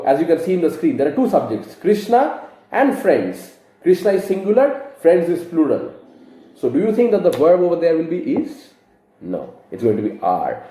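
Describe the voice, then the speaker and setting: A man teaches grammar, patiently walking through each example and quizzing his viewers. His fairly high voice is mellow and rises and falls in a lively way. The room around him adds a noticeable echo. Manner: explains patiently, asks rhetorical questions. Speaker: English teacher. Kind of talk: grammar lesson to camera.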